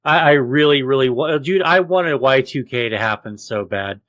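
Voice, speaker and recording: A man co-hosting a casual podcast, ranting with lots of swearing and loud outbursts. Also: medium pitch, normal speed, no echo, highs cut off. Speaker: podcast co-host.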